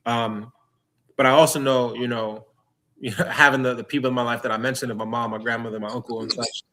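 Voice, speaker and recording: A man from New York City talks in a candid interview, earnest and reflective, stopping and restarting his thoughts. His voice is bright and forward, at an ordinary pitch for a man. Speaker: guest.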